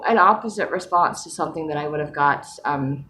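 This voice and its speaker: A woman talking casually in a personal vlog, chatty and rambling, with many fillers and soft laughs. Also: low voice, a little fast, few pauses, slight background noise. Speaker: vlogger.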